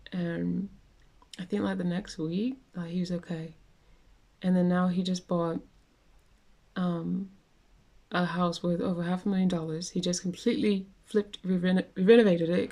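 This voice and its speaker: Young woman, casual vlog rant, mellow voice, rambling delivery with lots of fillers. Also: on the low side, vocal fry. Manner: rambling, many fillers and restarts. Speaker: vlogger.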